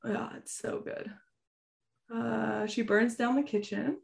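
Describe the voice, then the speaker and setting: A woman co-hosting a podcast in casual chat, animated and quick to slip into playful impressions. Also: fairly high pitch, vocal fry. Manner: animated, often slips into a posh drawling impression. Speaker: podcast co-host.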